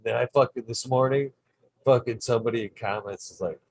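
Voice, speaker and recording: A man's voice: mid-range voice, brisk, dry recording, low-quality recording. A man hosting his own channel, telling a rambling, swear-heavy story in casual vlog style. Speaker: channel host.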